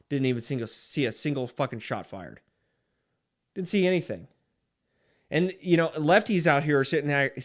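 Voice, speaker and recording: A man hosting a livestream, reading chat and ranting in a profane, fired-up way. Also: medium pitch. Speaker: livestream host.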